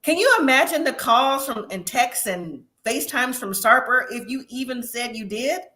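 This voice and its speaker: Chatty, opinionated woman host with a bright, slightly high voice for a casual review stream. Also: lively intonation, moderate pace. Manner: chatty, opinionated, laughs often. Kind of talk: casual live review chat.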